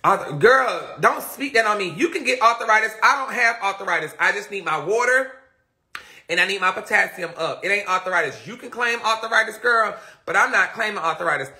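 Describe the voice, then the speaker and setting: High, lively, gravelly-voiced live-streamer. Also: male voice, normal speed. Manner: animated, dramatic storytelling with lots of laughing; sassy, slangy, talks straight to viewers. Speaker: livestreamer. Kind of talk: casual live-stream chat.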